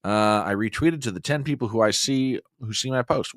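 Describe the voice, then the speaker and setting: A man's voice: mid-range voice, normal speed, dry recording, studio quality. An older man hosting a casual livestream, greeting viewers with chatty, exclamatory, playful banter. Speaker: livestream host.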